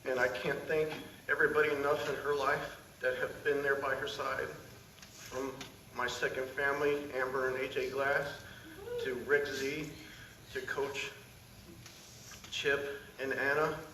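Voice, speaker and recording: Father, emotional unprepared speech, steady monotone, distant echoey hall. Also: medium pitch, a little slow. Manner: holding back tears. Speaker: father of the athlete. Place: school signing ceremony hall. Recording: echoey room, distant mic, audible noise.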